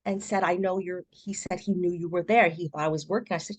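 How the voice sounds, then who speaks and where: A middle-aged woman, a podcast guest, telling her personal story in a lively way and acting out what other people said. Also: on the low side, fairly quick. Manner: animated storyteller who acts out quoted voices.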